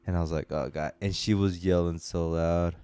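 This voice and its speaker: A man co-hosting a casual podcast, telling a story in a laid-back way and quoting others in low asides. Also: little pitch movement, normal speed, dark tone, clear, resonant tone, no echo. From United States. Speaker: podcast co-host. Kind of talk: casual chat.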